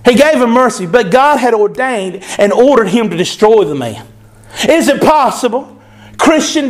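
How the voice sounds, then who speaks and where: A man's voice: extremely high pitch, lively intonation, normal speed. A man preaching a sermon, emphatic and repeating phrases for stress.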